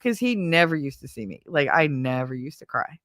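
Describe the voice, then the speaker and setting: A woman with a deep voice tells stories on her podcast, animated and swearing freely. She sounds close and dry, with no room echo. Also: a little fast. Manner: profane, animated storyteller. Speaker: podcast host. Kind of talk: casual storytelling chat.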